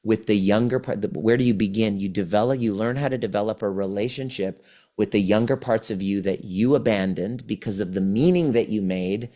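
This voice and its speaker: A man's voice: fairly low pitch, fairly quick, dark tone. A man on a podcast as a trauma healing coach. He tells a client's story and acts out her replies with a lot of energy. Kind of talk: conversational storytelling.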